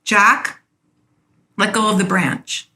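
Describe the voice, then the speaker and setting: A woman voicing the Lord as a calm, patient male voice from above, gentle and reassuring. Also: medium pitch, slow pace. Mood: firm.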